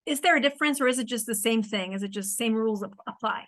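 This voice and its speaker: Woman host asking halting questions. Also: on the high side, fairly bright tone, no room sound. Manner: brief reactions, halting questions. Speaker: interview host. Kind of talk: conversational interview.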